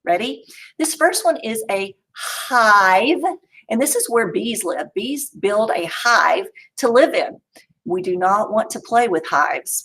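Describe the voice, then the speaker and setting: A woman teacher leading a young children's phonics lesson, sounding out words slowly and playfully. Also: mid-range voice, fairly bright tone. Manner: slow, exaggerated sounding-out with playful reveals. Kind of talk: early-grade phonics lesson.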